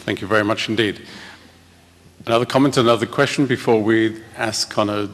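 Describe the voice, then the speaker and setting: A low, husky male voice chairs a question session, brisk and courteous as he passes the floor around. The sound carries the long reverb of a large lecture hall. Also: fairly even intonation. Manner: polite, brisk calling on questioners. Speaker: moderator.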